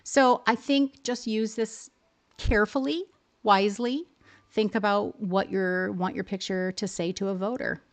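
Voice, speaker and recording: A woman's voice: medium pitch, fairly even intonation, a little slow. A woman hosting a live stream, casually explaining how to use in-game photo settings and often rephrasing herself as she goes. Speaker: livestream host teaching game photo editing.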